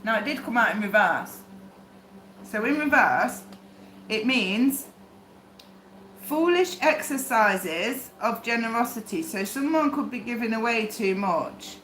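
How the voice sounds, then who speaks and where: A woman's voice: fairly high pitch, animated, unhurried, fairly bright tone, a little hiss or hum. A woman reading tarot on a livestream, talking bluntly and swearing as she rambles to herself. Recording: echoey room with faint ambience.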